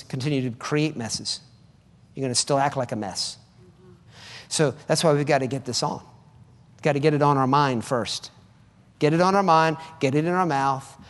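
A man's voice: medium pitch, long reverb tail. A man preaching a sermon in an emphatic, conversational way, often repeating his phrases for effect.

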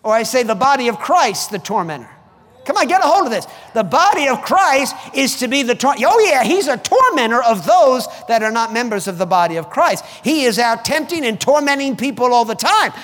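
A man preaching a sermon in an emphatic, animated and rallying way. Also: very high-pitched, fairly quick, big-room sound.

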